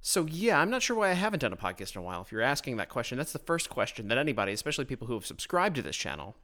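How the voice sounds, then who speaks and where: A podcast host races through a blunt, sarcastic political monologue on his own microphone, his mid-range voice very animated, pushed and bright. He often trips over his words and restarts his sentences.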